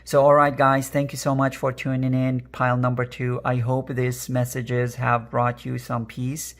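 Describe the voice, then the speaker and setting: A man with a raspy, strained voice giving an earnest pick-a-card reading, repeating phrases with many fillers. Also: medium pitch, monotone, moderate pace. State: emotional, voice strained. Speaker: energy worker and tarot card reader.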